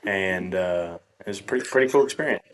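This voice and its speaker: Young male guest, laid-back storyteller, lowish voice. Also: brisk. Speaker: podcast guest, football coach. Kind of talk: casual chat.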